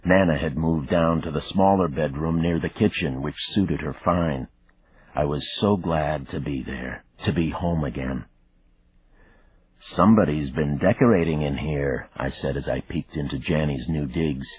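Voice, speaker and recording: A man narrating a thriller audiobook in the first person, measured and even, in a dull, dry recording. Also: very deep voice, breathy edge, no room sound.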